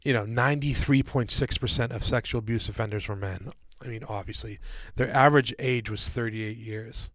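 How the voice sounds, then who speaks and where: A man's voice: medium pitch, brisk, hardly any pauses, a bit bright, no room sound. Rambling man co-hosting a podcast. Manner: rambling, lots of fillers and restarts; casual, calls listeners "guys" and "dude". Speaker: podcast co-host. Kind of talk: casual podcast discussion.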